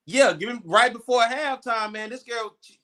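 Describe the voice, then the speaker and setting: A man's voice: very high-pitched, normal speed, sharp tone. A man in casual chat, telling laid-back slangy stories about a game.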